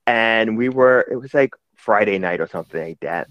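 A man's voice: on the low side, normal speed, no room sound. A man from New York City chatting casually as a podcast co-host, rambling with lots of restarts and fillers. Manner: rambling, many restarts and fillers, laughing storyteller. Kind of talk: casual chat. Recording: slightly dull lo-fi sound.

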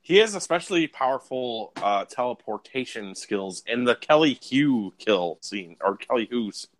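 Animated, profane male podcast co-host. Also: mid-range voice, normal speed. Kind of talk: casual movie review chat.

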